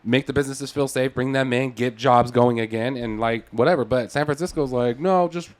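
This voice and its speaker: Fast-talking man telling stories. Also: medium pitch. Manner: animated storyteller who acts out quotes, swears freely. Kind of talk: casual podcast chat.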